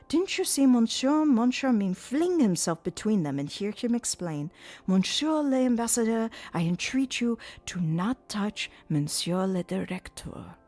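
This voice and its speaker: A woman's voice: medium pitch, darkish tone, pitched above the performer's own voice. A woman voicing an agitated male opera secretary who exclaims in rising outbursts.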